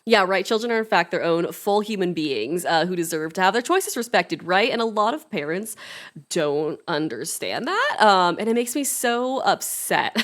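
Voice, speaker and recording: A woman's voice: mid-range voice, big pitch swings, moderate pace, fairly bright tone. A woman streaming a story game, reading it aloud and ranting passionately in between, swearing often. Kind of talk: casual let's-play commentary with character voices.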